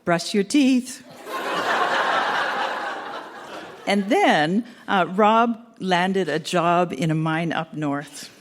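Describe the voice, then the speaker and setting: A woman's voice: lowish voice, extremely slow, pauses often. An older woman on stage, reading her old letters aloud with amused giggles. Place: stage in a hall. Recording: echoey hall with noise.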